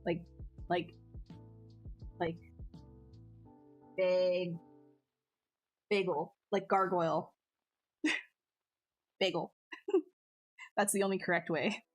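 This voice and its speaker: A woman's voice: lowish voice, fairly even intonation, drawn-out words, pauses often. Bubbly chatty streamer woman. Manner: bubbly, chatty, laughs often, many likes and restarts. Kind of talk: casual chat with live chat. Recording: faint music behind.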